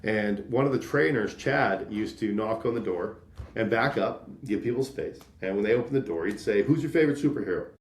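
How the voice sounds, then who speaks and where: A man in his thirties from Canada, a sales leader telling stories in a casual interview, animated and acting out quoted voices. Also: lowish voice, normal speed, reverberant. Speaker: podcast guest, sales leader.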